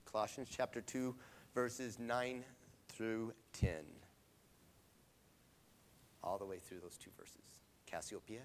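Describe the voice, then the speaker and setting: A man's voice: lowish voice, slow, long pauses, a little hiss or hum. A middle-aged man telling a personal story in a conversational devotional talk, often checking in with his listeners. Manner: conversational, often adds "right?". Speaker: devotional speaker.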